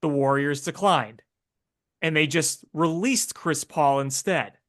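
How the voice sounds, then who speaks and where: A man's voice: fairly high pitch, takes it slowly, fairly bright tone. A man co-hosting a sports talk podcast, chatting casually and agreeably with frequent fillers. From Chicago area.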